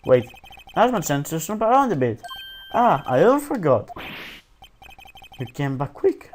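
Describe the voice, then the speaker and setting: A man's voice: fairly high pitch, sing-song, measured pace, pauses often, a little hiss or hum. A man reading a courtroom video game's dialogue aloud, casual and self-mocking, peppering it with "dude" and "like". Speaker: let's play commentator. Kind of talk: reading game dialogue aloud with jokey asides.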